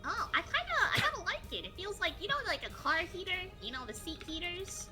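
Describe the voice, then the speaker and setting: A high-pitched young woman with a New York accent, chatting and teasing in a bouncy, playful way. Her pitch leaps from phrase to phrase. Music plays clearly behind her. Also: big pitch swings, quick pace. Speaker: stream guest. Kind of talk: casual chat.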